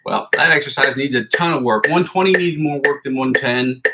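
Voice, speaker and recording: A man's voice: medium pitch, a little fast. A man streaming his guitar practice from a hot room at home, chatting casually, cursing freely and calling out tempos and scale positions. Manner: casual, self-deprecating, swears freely. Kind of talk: casual livestream practice talk. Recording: loud noise behind the voice.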